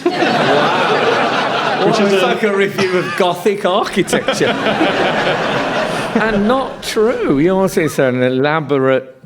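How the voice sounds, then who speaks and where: A man's voice: high-pitched, expressive, takes it slowly, pauses often. A man hosting a comedy panel show, reading intros and trading dry asides with guests. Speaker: host. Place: TV studio before a live audience. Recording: studio audience laughter and noise.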